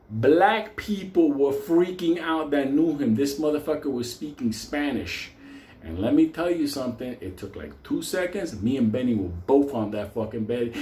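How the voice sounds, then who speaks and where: A man telling a wild story in a loud, profane, laughing way, acting out the people he quotes. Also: on the high side, expressive, moderate pace, echoey room.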